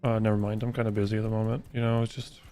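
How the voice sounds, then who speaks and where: A man's voice: fairly low pitch, little pitch movement, racing, warm tone, soft background music. A man streaming a video game live, chatting casually and swearing as he reacts aloud.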